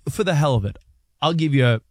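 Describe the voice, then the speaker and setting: Excitable higher-voiced sports show man. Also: quick pace, no room sound, clean studio sound. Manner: excitable, jumps in and interrupts. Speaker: sports talk show co-host. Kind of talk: lively sports radio banter.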